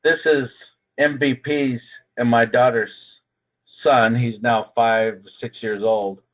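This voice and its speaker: An older man speaking at a trading seminar, telling a personal story in a dramatic, emphatic way, with big swings in pitch and loudness. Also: fairly even intonation, slow, rough recording.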